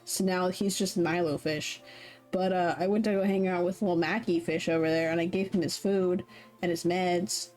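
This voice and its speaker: A woman's voice: on the low side, fairly even intonation, moderate pace, a little mellow, faint music behind. Giggly rambling woman streamer. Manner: giggly, rambling, self-deprecating. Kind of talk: casual chat while playing a game.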